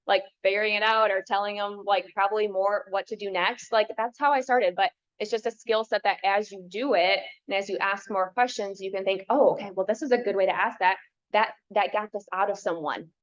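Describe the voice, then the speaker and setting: Thoughtful woman coach, mid-pitched voice. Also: steady tone, a little fast. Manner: thoughtful, explains step by step. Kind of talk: casual workshop talk. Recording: dull lo-fi sound.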